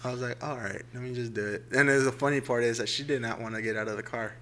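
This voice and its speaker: A young man co-hosting a casual chat, talking in a relaxed, rambling way. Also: mid-range voice, fast talker, a little hiss or hum. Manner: relaxed, laid-back, rambling. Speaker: podcast co-host.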